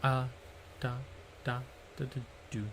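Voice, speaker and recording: A man's voice: mid-range voice, little pitch movement, takes it slowly, fairly bright tone, slight background noise. A man streaming alone, rambling playfully to himself and making silly noises while he works. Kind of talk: casual solo stream chatter.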